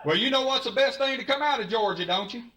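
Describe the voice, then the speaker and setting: A man's voice: very high voice, quick pace, sharp tone. A man from Alabama with a Southern accent doing a folksy stand-up comedy set, drawling and playful with the crowd at a live show. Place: live show at a college venue. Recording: live stage mic with crowd noise.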